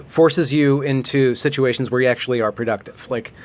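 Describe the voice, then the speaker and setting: Halting, rambling male interviewer. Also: mid-range voice, steady tone. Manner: rambling, halting questions with restarts. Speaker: host. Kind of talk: casual interview conversation.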